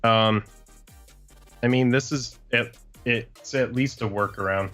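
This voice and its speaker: A man's voice: medium pitch, slow pace, a bit bright, soft background music. A man co-hosting a casual livestream, grumbling about tech troubles in a self-deprecating way. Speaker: livestream co-host.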